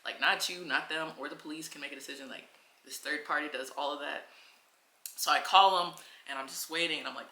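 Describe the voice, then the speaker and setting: Chatty, bright-voiced woman telling a story. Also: low-pitched, normal speed, roomy sound. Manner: chatty, animated, heavy filler words. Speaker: travel vlogger. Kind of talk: casual storytelling to camera.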